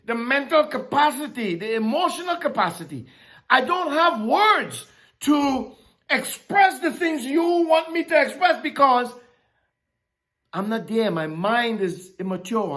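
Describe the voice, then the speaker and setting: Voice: high voice, fairly bright tone. A preacher voicing a young prophet who protests in a childish, whining way that he is too immature to speak. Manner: childlike, whiny excuse-making. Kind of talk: sermon.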